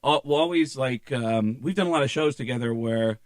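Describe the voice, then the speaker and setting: A male stand-up comedian telling stories in a casual chat, animated and profane, slipping into voices. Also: mid-range voice, brisk, no room sound.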